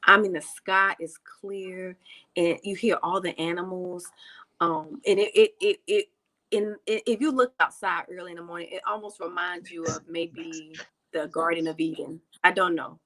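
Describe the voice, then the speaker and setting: A woman's voice: on the low side, steady tone, moderate pace, fairly bright tone, rough recording. A woman from the United States speaking as an interview guest, chatty, with frequent fillers and restarts. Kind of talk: casual interview talk.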